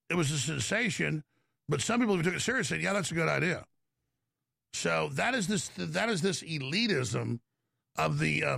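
A middle-aged man hosting a call-in radio show, ranting forcefully and jumping about in pitch and pace. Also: vocal fry, slightly rough, no echo, clean studio sound. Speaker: radio talk show host.

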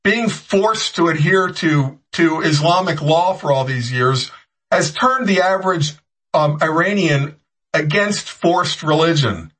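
A man with a husky, slightly high voice delivers heated political commentary. He rambles, often restarts his sentences, and throws in sarcastic jabs. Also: lively intonation, measured pace, fairly bright tone, poor audio.

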